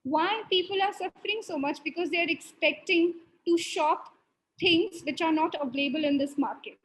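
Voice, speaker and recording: A woman's voice: very high-pitched, normal speed, a bit bright, poor audio. A woman spirit medium relaying a spirit's words, prefacing quotes with "he's saying" and often laughing.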